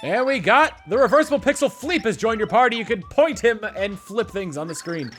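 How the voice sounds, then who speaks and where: A man's voice: sits high, animated, fairly quick, fairly bright tone, faint music behind. A man voicing a dramatic, lovesick male pixel creature with a mock French accent, drawn out and theatrical.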